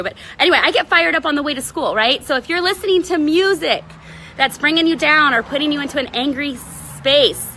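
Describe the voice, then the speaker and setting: A woman in her thirties giving a casual motivational talk as a life coach, animated and tagging lines with "right?". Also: a little high, slight background noise. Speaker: life coach hosting a live video.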